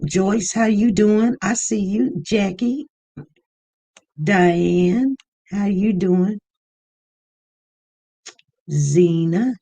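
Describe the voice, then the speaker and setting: A livestream host in casual chat, greeting viewers one by one by name in an easygoing, unhurried way and inviting them to call in. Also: medium pitch, gravelly, dark tone, breathy edge.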